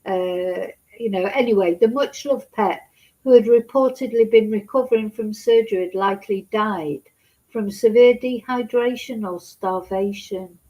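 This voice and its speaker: A woman's voice: medium pitch, normal speed, poor audio. A woman vlogging, reading a news story aloud with hesitant personal asides and getting upset. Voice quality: soft-spoken, chatty, hesitant with many fillers.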